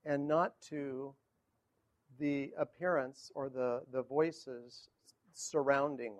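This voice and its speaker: A male pastor preaching a sermon in a halting way, searching for his words with many fillers. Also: medium pitch, steady tone.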